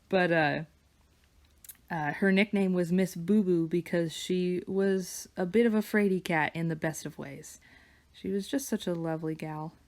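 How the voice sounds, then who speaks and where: A woman artist chatting casually while she draws, wandering between stories and soft murmured asides about her work. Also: lowish voice. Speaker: digital artist and vlogger. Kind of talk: casual chat while drawing. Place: home studio with her dog nearby.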